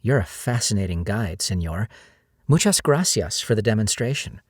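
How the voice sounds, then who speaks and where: A bubbly, teasing young woman, as a male narrator puts her on, her lines lifted higher than his own low voice. The sound is dry and close. Her tone stays playful and light throughout. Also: lively intonation, normal speed, breathy edge, dry recording.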